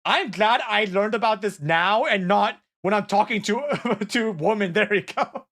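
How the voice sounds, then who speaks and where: Excitable young man. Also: high-pitched, unhurried. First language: Korean. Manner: excitable, apologetic and sweary, with frequent laughter and restarts. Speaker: streamer. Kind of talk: casual live-stream chat reacting to viewer messages.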